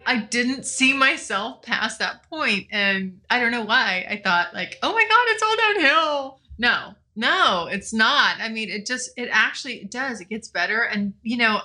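Bright-voiced woman in her forties, chatty. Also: mid-range voice. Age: 40s. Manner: candid and chatty, swears freely, laughs often. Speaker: podcast host. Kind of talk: casual solo podcast chat. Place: home, morning with coffee.

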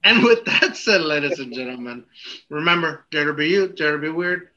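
A man hosting a podcast in casual chat, rambling and halting, often laughing. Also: fairly high pitch, bright, forceful tone, highs cut off. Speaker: podcast host.

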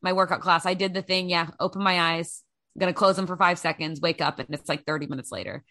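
A woman's voice: lowish voice, steady tone, fast, sharp tone, dry recording, studio quality. A woman co-hosting a casual chat, self-deprecating and rambling with restarts. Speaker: podcast co-host.

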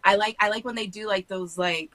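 A woman's voice: mid-range voice, brisk, a crowd in the background, poor audio. An American woman chatting as a podcast guest, frank and rambling, full of fillers and restarts. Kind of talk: casual chat.

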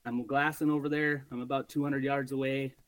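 A man guesting on a podcast, telling a hunting story in an animated, casual way and swearing freely. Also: medium pitch, fairly quick, no echo, low-quality recording.

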